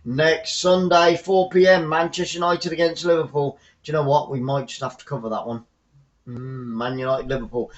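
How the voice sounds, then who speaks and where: Speaking at a moderate pace in a slightly high voice, a male fan commentator hosts a live stream from home while watching football remotely. He mixes chatty, rambling asides with excitable play-by-play, and the recording is muffled.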